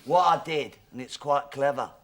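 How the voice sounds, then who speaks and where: A man's voice: mid-range voice, normal speed, very noisy, natural voice. Terry, a man playing a flustered, muddled bloke. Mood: rambling. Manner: hesitant and rambling, full of ums and restarts. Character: hapless, muddled adult man, easily flustered. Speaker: pub regular. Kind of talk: sitcom acting.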